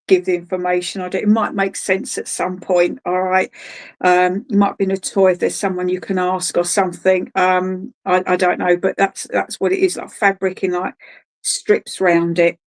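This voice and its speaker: A woman giving clairvoyant readings at an online church service, speaking gently and hesitantly with many pauses and restarts, calling listeners darling. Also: lowish voice, flat delivery. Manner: hesitant and searching, full of ums and restarts. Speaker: spiritualist medium.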